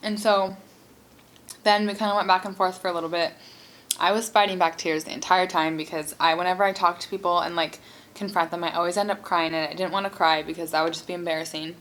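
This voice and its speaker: A woman's voice: on the low side, steady tone, quick pace, fairly bright tone. A young woman vlogger telling a casual storytime while eating, chatty and exasperated, with many "like"s. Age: young adult. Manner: chatty, heavy use of "like", exasperated.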